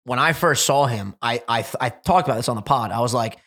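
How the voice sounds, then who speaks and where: A young man hosts a casual podcast, animated and swearing freely as he tells stories and acts out the quotes. His voice is medium-pitched and his pace fairly quick.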